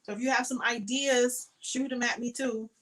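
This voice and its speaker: A woman's voice: a little high, flat delivery, moderate pace, fairly bright tone, poor audio. A tired woman hosting a casual crochet live stream, chatting in a rambling way and thanking viewers by name.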